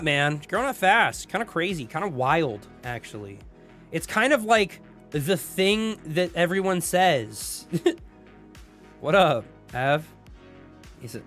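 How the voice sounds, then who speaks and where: A man's voice: sits high, fairly bright tone. A young man hosting a casual livestream chat, laid-back and slangy, greeting viewers and laughing often. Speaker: streamer host.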